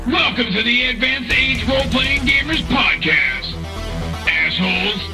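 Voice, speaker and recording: A man's voice: very high-pitched, very animated, unhurried. A man reading a scripted podcast intro in an announcer's delivery. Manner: announcer delivery with a crude sign-off. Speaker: show announcer. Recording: distant voice over loud music.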